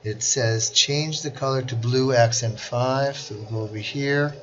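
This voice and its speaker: A man teaching a software class, walking through each click step by step in a screen-recorded tutorial. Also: medium pitch, fairly even intonation, measured pace, highs cut off, a little hiss or hum. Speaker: instructor.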